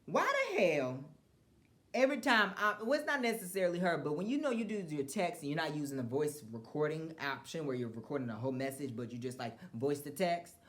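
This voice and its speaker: A podcast host venting in a casual, rambling rant full of restarts and profanity. The voice drops to low mutters and then flares into loud, heated outbursts. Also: expressive, fairly quick.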